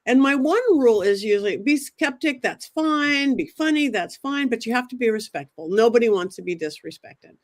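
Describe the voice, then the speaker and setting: A woman, a psychic medium as a guest, telling a dramatic story in an animated way and acting out what people said. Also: on the high side, normal speed, few pauses. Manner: excitable, quotes herself and others in dramatic asides.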